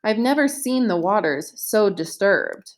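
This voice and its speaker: Woman narrator, unhurried audiobook read, mid-range voice, gentle character shifts. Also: mid-range voice, lively intonation. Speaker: narrator reading a modern retelling of a play.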